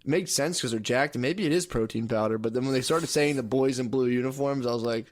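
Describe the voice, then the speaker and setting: A man of middle pitch co-hosting a loose comedy podcast. He rambles through long stories, laughs often and slips into acted-out voices when he quotes people. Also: fast. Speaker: podcast co-host. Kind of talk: casual comedy podcast chat. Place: podcast studio.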